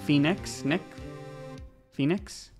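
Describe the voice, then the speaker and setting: A woman's voice: low-pitched, takes it slowly, a little mellow, soft background music. A woman streaming a game playthrough, making wry, self-mocking asides while she reads along. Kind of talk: casual let's-play commentary.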